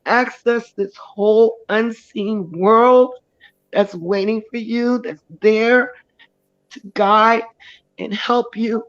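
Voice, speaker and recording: A woman giving an emotional personal testimony as a guest on a live chat, talking haltingly with many pauses and restarts. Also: fairly high pitch, steady tone, dull audio.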